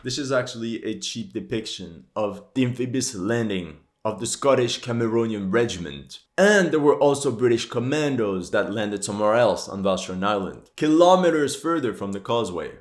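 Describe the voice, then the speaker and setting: Casting: low-pitched male history host doing reaction commentary, critical and exasperated, in a roomy echoey space. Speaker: history channel host reacting to a war film. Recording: roomy echo.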